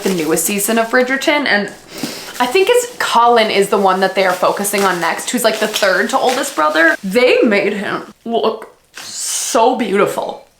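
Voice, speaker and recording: A woman's voice: mid-range voice, roomy sound, noisy background. A young woman in her twenties chatting casually in a vlog, gushing and full of fillers as she unboxes things. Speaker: book vlogger.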